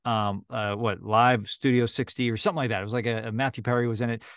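A man narrating audiobooks talks loosely on a video call, full of ums and false starts. His pitch is medium. The sound is dry, close and without room echo. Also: steady tone, fast talker, fairly bright tone, clear, resonant tone. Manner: chatty, many fillers and restarts. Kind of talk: casual interview chat.

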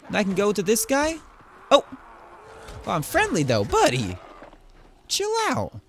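Playful young gaming YouTuber, lively pitch. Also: male voice, moderate pace, slight background noise. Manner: playful, talks to the enemies he fights. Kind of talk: casual gameplay commentary.

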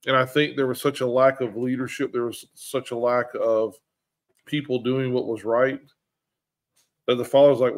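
A man at a middle pitch leads a relaxed bible study with a group. He talks in an animated way and slips into other voices when he quotes people. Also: normal speed. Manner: animated, acts out quoted characters. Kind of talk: casual group bible discussion.

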